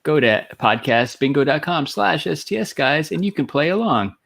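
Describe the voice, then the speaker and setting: Upbeat podcast guy, lively voice that goes up and down, doing shout-outs. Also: on the high side, moderate pace, vocal fry. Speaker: podcast co-host. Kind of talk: casual chat.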